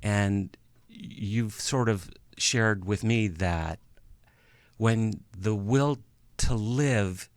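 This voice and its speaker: A man around fifty, a guest in an interview, telling a personal story in a halting way, with pauses and restarts, and audibly emotional. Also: lowish voice, dry recording. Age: about 50.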